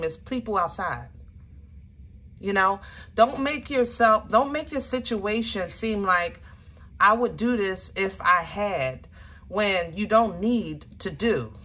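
A woman's voice: medium pitch, sharp tone, husky. A woman giving a casual, chatty tarot reading to her viewers, emphatic and often searching aloud for the right word. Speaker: tarot reader.

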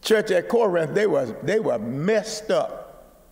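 Preacher man, slow and high, repeats himself, gets shouty, church hall echo. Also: lively intonation. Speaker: pastor. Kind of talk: sermon.

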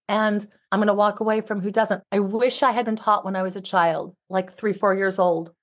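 A middle-aged woman, a relationship expert and author, speaking heartfelt and emphatic as a podcast guest. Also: medium pitch. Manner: heartfelt, emphatic, repetitive phrasing. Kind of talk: podcast interview.

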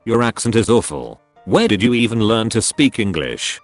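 A man's voice: fairly low pitch, big pitch swings, moderate pace, no room sound, faint music behind. A synthetic male voice reading a rude entitled woman shopper. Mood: indignant. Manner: synthetic, unacted delivery.

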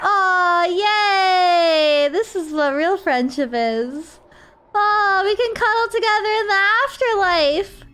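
A woman's voice: extremely high pitch, slow pace, a bit bright. A woman streaming a game, chatting casually and emotionally thanking her viewers, close to tears. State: tearful. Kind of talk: casual live-stream chat while gaming.

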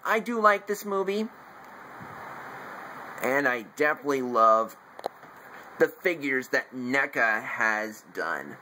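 A man's voice: mid-range voice, very animated, slow pace, long pauses, bright, forceful tone, a little hiss or hum, low-quality recording. A man casually reviewing a favorite movie and showing his figures, rambling and correcting himself as he goes. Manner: eager fan showing off collectible figures. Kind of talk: casual home video review.

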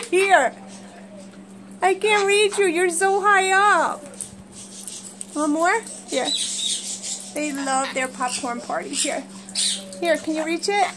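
A woman's voice: very high-pitched, slow pace, pauses often, background noise. A woman talking to her pet birds at home in a sing-song baby-talk voice during a casual vlog. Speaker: pet bird owner. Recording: loud squawking birds nearby. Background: loud bird squawks.

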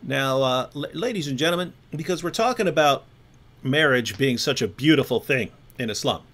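A man's voice: medium pitch, expressive, normal speed, fairly bright tone. A man hosting a discussion, talking emphatically, repeating points for stress and asking rhetorical questions. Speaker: host. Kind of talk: polemical discussion with a co-host.

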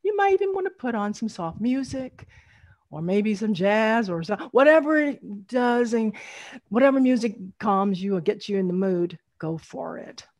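A woman's voice: mid-range voice, lively intonation, normal speed, darkish tone. A middle-aged woman, leading an online storytelling workshop over a video call, encouraging and laughing often.

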